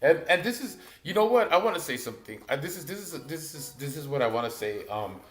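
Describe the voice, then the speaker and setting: A man's voice: fairly high pitch, very animated, fast talker, reverberant. A man hosting a livestream, talking casually, laughing and swearing a lot. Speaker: livestream host.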